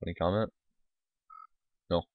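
A man's voice: a little slow, no echo. A man giving casual, rambling let's-play commentary, mumbling asides with lots of fillers, on a tinny, lo-fi mic. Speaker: gaming YouTuber. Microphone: desktop microphone.

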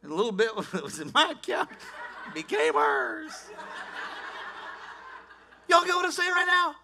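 A middle-aged man preaching a sermon as pastor, animated, moving between quiet storytelling and shouting. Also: very high-pitched, measured pace, vocal fry, background noise. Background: music playing.

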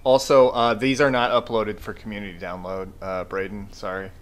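Low-voiced male podcast host. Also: level tone, moderate pace. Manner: hesitant, lots of fillers. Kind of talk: casual chat.

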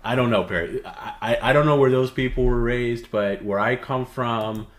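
A man co-hosting a livestream, lecturing with halting restarts. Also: mid-range voice, over a noisy crowd. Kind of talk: casual chat. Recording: roomy sound over loud music.

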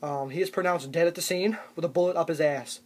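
A man's voice: fairly high pitch, fast talker, lightly acted. A young guy doing a stiff TV news anchor. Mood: mock-serious. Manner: mock-formal newsreader delivery.

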